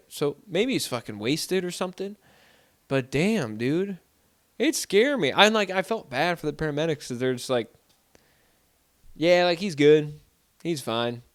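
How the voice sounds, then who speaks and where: A man from South Dakota hosts his own podcast from a room at home. His voice sits a bit high, and he rambles through casual stories packed with fillers and slang. The sound is dry and close. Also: no echo. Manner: rambling, filler-heavy, lots of "like" and "dude". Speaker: solo podcast host. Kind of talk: casual storytelling monologue.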